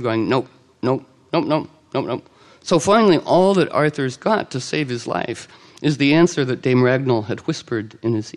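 A man telling an old legend to a live audience in a lively, conversational way, with quick asides and quoted character lines. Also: mid-range voice. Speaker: storyteller. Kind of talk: oral storytelling to a live audience.

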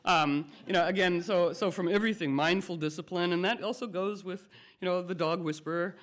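A spiritual teacher with a high-pitched voice addresses a group at a brisk pace. His talk is playful and meandering, shifting between ideas as he voices quotes with lively character.

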